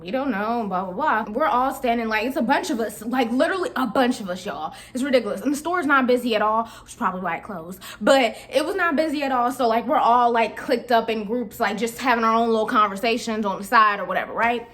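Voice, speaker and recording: A woman's voice: on the high side, quick pace, few pauses, a bit bright. Chatty young woman telling a story. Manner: chatty, slangy, talks straight to viewers. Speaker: vlogger. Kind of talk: casual storytime.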